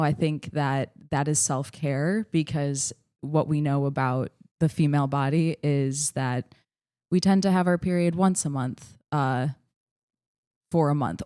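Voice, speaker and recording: A woman comedian offering deadpan, faux-therapeutic advice in a comedy game. Her voice is low and mellow, and the recording is close and dry. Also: no echo. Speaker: comedian contestant.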